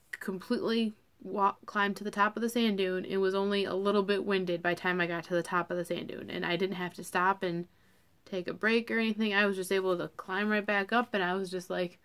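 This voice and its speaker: A woman's voice: mid-range voice, flat delivery, moderate pace, a bit bright, clean tone. Chatty young woman vlogging. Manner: chatty, full of fillers and "like". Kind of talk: casual chat to camera.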